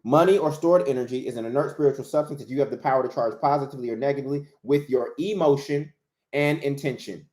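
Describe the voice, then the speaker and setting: Man, motivational spiritual talk, preacher-like delivery, repeats phrases, medium pitch, echoey room. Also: fast talker, a little mellow. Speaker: author and motivational speaker. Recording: roomy echo.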